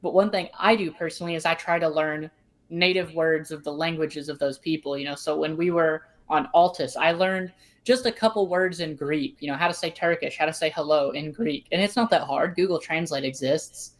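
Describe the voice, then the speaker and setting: Low-voiced Southern woman chatting casually. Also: fairly quick. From American South. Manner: relaxed, chatty, storytelling with asides. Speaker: host. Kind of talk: casual podcast chat.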